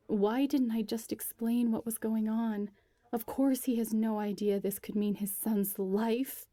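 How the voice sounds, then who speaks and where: A woman reading a first-person story aloud in a quiet, intimate way, sometimes dropping to a breathy whisper. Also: medium pitch, little pitch movement, unhurried, no room sound. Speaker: narrator.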